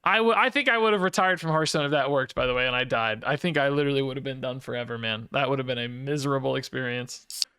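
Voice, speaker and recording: A man's voice: medium pitch, fast, sharp tone, clean tone, no echo, studio quality. A young man hosting a gameplay video, talking through his moves in rambling, self-questioning casual commentary that swings into mock anger.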